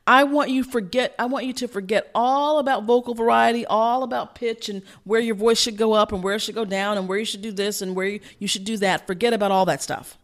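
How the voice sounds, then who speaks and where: Energetic woman coach talking fast. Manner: energetic, emphatic, varies pitch to illustrate points. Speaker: communication coach and host. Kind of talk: instructional talk.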